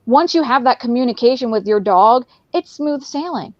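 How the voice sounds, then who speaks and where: A woman guest in a casual conversation who talks in an animated way and often acts out what a dog might be thinking. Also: a little high, moderate pace, dull audio.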